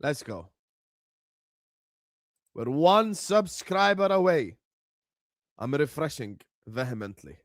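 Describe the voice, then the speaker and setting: A man hosting a football watchalong livestream, excitedly chanting and urging viewers to subscribe. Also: fairly high pitch, takes it slowly, long pauses, no room sound, clean studio sound. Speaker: livestream host. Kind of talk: hyped watchalong livestream chat.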